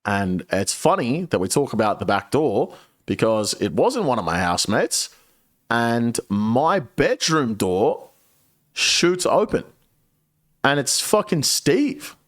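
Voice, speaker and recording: A man streaming and telling a long story to his chat, casual and profane, with lively shifts into the voices of the people he quotes. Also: slow. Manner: animated, profane, swings pitch when quoting people.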